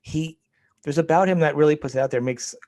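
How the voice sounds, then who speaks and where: A man hosting a podcast in a casual, enthusiastic and rambling way, quick to laugh. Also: a little high, a little mellow, no room sound. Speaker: podcast host. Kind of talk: casual chat.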